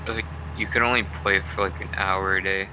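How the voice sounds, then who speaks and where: A male co-player speaks casually and matter-of-factly in a lowish, flat monotone. His voice comes through a voice chat line with clear background noise. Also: normal speed.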